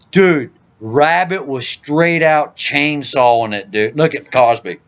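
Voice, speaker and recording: A man's voice: fairly high pitch, a little slow, hardly any pauses, lo-fi sound, a little hiss or hum. A man hosting a casual podcast, telling joking stories and saying "dude" a lot. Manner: loud joking storyteller, says "dude" a lot. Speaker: podcast host. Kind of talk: casual gaming podcast chat.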